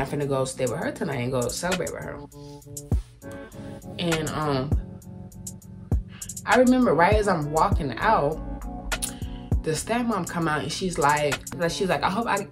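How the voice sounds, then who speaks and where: A young woman telling a personal story in candid, profane casual talk, acting out other people's lines. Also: sits low. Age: young adult. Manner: candid, profane, quotes people in raised voices. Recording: music playing loudly behind.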